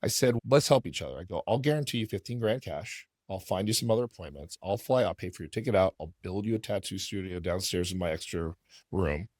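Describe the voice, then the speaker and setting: A man with a low voice talks quickly and loosely, rambling through a story with plenty of swearing. The sound is dry and close, with no room around it. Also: lively intonation, darkish tone, no room sound. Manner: fast, rambling, profane. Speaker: podcast host. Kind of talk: casual storytelling.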